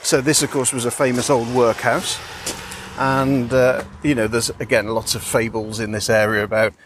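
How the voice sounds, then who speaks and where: Male co-host, relaxed and agreeable, clear road noise under him. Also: mid-range voice, normal speed. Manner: easygoing, agreeable, hesitant fillers. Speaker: podcast co-host. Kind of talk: casual chat on a drive. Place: in a car.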